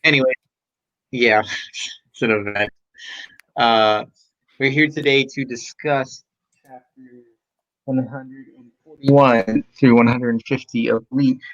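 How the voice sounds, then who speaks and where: A man's voice: mid-range voice, fairly even intonation, takes it slowly, long pauses, a bit bright, no room sound. A man leading a casual discussion stream in an easygoing way, asking his co-host the questions. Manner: easygoing, moderating, asks the questions. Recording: dull lo-fi sound over an unstable online call.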